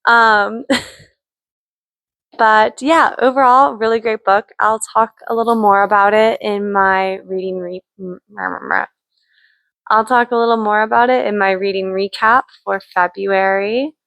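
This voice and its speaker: A woman's voice: medium pitch, steady tone, measured pace, fairly bright tone, dry recording. A young woman chatting casually in a book vlog, gushing about what she reads, with frequent likes and ums. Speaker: book vlogger. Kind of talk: casual read-along vlog chat.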